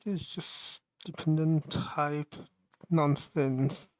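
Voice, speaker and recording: A man livestreaming while he programs, thinking aloud in a mumbling, halting way and questioning himself as he goes. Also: fairly high pitch, steady tone, darkish tone.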